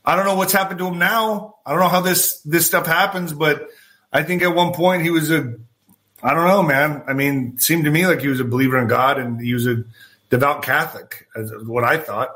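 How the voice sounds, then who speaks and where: A male podcast host with a bright, forceful voice set a bit above the usual pitch for men. He tells his story in a loose, chatty way, acts out each exchange of dialogue and swears freely. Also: fairly even intonation, a little fast. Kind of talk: casual anecdotal storytelling.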